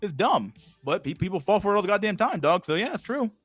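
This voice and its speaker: A man's voice: high voice, big pitch swings, quick pace, fairly bright tone, no echo, faint music behind. A man streaming a casual rant and reacting to chat, cursing freely, laughing often and stumbling over repeated words. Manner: profane, stammering repetitions, frequent laughter.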